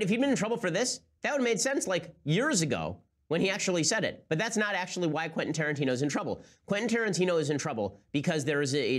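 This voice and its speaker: A man hosting a political commentary show, talking in a sarcastic, incredulous way. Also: a little high. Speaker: host.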